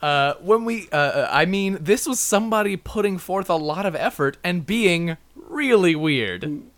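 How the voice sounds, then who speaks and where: A man co-hosting a comedy news podcast, with a slightly high voice. His pitch swings widely as he throws in jokey asides and big reactions. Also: lively intonation, measured pace, fairly bright tone, dry recording. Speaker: podcast co-host. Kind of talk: casual chat reading news stories.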